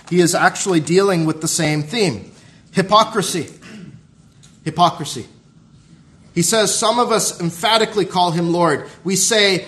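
A man's voice: on the high side, a bit bright. A man preaching a sermon as a pastor, stressing points by repeating phrases and building to emphatic rises.

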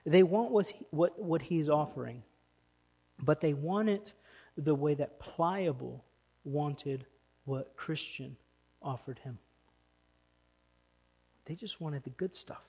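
A man preaching to his congregation, pressing his points with emphatic stresses. His voice sits a little higher than most men's. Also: slow, long pauses. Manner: emphatic, rising to loud stresses. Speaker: pastor. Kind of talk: sermon. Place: church.

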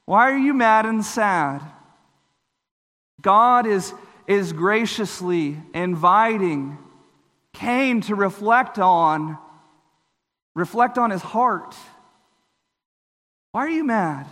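A man delivers a sermon in a high, bright voice. He speaks slowly and earnestly, explaining each point step by step. The sound carries a long hall reverb. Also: expressive. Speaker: preacher.

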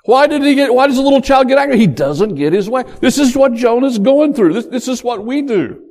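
A man preaching a sermon in an animated, emphatic way. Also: very high-pitched, fairly quick. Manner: animated, emphatic, acts out quotes.

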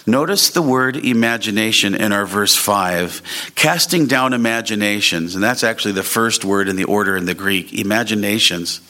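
Bright-voiced man preaching a sermon. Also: normal speed. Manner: earnest preaching, rising in pitch at emphatic points. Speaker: pastor.

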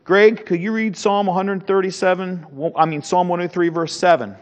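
A man's voice: high voice, fairly even intonation, moderate pace. A man teaching a Sunday school Bible lesson, talking emphatically and often repeating words as he finds his phrasing, in a church room. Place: church classroom. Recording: dull, reverberant hall recording.

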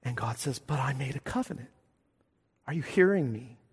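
Emphatic preacher in a reverberant hall. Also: male voice, mid-range voice, expressive, moderate pace, slightly rough. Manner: emphatic preaching, swinging from hushed to loud. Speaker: pastor. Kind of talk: sermon.

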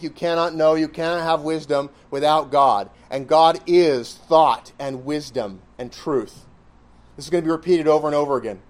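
A man preaching a sermon, reasoning through his points step by step with emphasis. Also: fairly high pitch. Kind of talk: sermon teaching.

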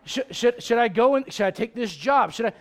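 A man's voice: very high voice, animated, a little fast. A man preaching a sermon to a congregation, emphatic and driving his points home with repeated rhetorical questions. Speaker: pastor. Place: church service before a congregation.

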